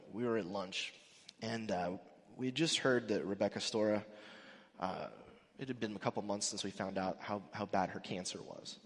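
Guy preaching a sermon, chatty but emphatic, big echoey church. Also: lowish voice. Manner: conversational, emphatic, acts out quotes. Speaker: pastor. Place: church sanctuary. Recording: echoey hall with long reverb.

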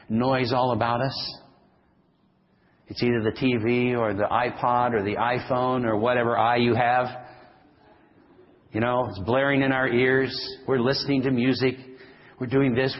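A man preaching a sermon as pastor, moving between loud, rising calls and quiet, slow passages. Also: in a large hall, dull audio. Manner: dynamic preacher, swings from booming to hushed.

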